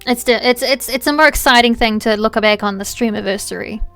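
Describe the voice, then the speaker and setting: A woman streamer chatting casually while playing a game, animated and playful, with quick asides and some swearing. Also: on the high side, faint music behind.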